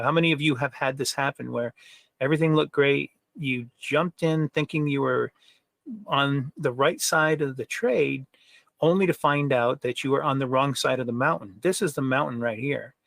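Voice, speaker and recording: A man presenting trading software in a conversational webinar, with frequent fillers and rhetorical questions. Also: medium pitch, vocal fry, no echo.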